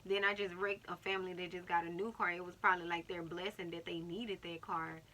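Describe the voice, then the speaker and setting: A woman's voice: fairly low pitch, a little fast. A young woman telling a personal story in a casual vlog, acting out what other people said. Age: young adult. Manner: animated retelling, acting out other people's words. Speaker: vlogger.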